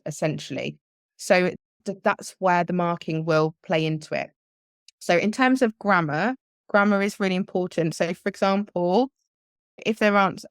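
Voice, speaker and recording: A woman's voice: lowish voice, no room sound, clean studio sound. A woman, a language teacher, explaining exam tips in a live webinar, talking things through with restarts and examples.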